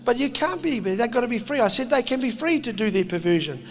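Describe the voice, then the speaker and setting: Brief: high-voiced, jokey New preacher in a reverberant hall. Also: male voice, quick pace, slight background noise. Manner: animated, jokey, puts on voices. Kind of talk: impassioned sermon to a crowd.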